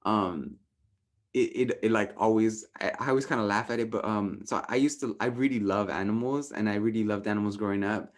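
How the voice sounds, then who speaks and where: A man from Southern California leading a workshop in casual, animated teaching talk, tagging his points with "right?", swearing lightly and laughing at himself. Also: lowish voice, brisk. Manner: animated, often ends points with a questioning "right?"; acts out inner voices in raised, playful tones. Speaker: workshop facilitator.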